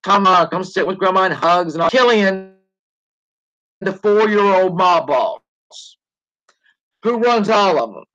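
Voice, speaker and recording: A woman in her forties chatting on her own livestream, bright-toned and forceful. She jokes, rambles and swears freely. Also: mid-range voice, expressive, unhurried, long pauses, lo-fi sound. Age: 40s. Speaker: livestream host. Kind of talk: casual chat.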